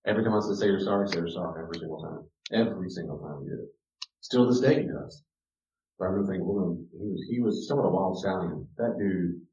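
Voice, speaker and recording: A man's voice: low voice, fast, mellow. A man giving a casual teaching talk on parenting, talking conversationally and acting out bits of dialogue. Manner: conversational, acts out quoted dialogue. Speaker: speaker on parenting and character. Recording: roomy, distant, dull recording.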